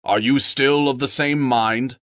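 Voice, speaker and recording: A man voicing a firm, measured male leader who bargains calmly. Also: medium pitch, no room sound, studio quality, pitched above the performer's own voice, close to an everyday voice.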